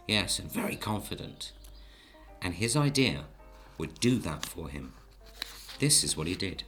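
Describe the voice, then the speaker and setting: A man gently narrating a children's story while he draws the pictures, and he often talks to the audience. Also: fairly low pitch. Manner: gentle, coaxing, speaks to the audience.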